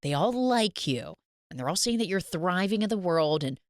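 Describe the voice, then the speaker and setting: A woman quoting a guarded, flustered widow in a bouncy, wide-ranging voice, pitched a little low. She sounds close and dry. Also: expressive, moderate pace, dry recording, lightly acted.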